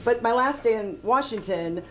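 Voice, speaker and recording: A woman in her fifties from Ohio, a talk show guest recounting stories in a lively way and laughing easily. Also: on the high side, normal speed, a little hiss or hum, rough recording. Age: 50s. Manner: animated storyteller who laughs easily. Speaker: guest, former news correspondent. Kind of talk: anecdotal storytelling on a talk show.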